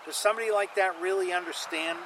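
A man's voice: sits high, fairly even intonation, fast talker, background noise. A man preaching a sermon, emphatic, repeating lines for stress and calling on the congregation to say them with him. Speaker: pastor.

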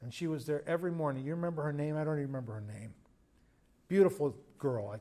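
An American pastor tells a story during a conversational sermon, swinging between loud emphasis and quiet asides. He talks fast, in a voice that sits a little high.

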